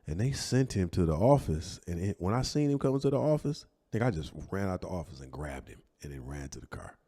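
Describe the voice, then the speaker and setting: A man with a deep, husky voice tells a personal story as a podcast guest. He talks in an animated, slangy way and laughs as he goes. His low register sits under a rough, breathy texture. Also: a little fast.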